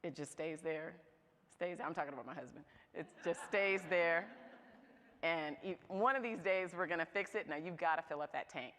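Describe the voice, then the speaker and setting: A woman's voice: on the low side, moderate pace, fairly bright tone, long reverb tail. A woman speaking to a live audience at a moms' event, candid, humorous and conversational. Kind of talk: motivational talk to a live audience. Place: church event hall.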